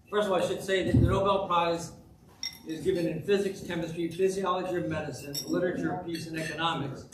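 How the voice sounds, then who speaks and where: A man at a club meeting, telling folksy jokes and stories in a chatty way. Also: on the high side. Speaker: Rotary club speaker. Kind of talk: joke-telling club talk. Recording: distant, echoey room with background noise.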